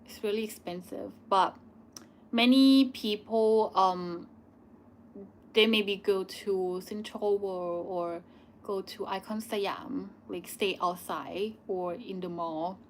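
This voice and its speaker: Slow-talking Thai woman streamer. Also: medium pitch, a little hiss or hum. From Thailand. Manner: chatty, loose, pauses on "like" and "um". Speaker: channel host answering viewer questions. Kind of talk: live stream Q&A chat.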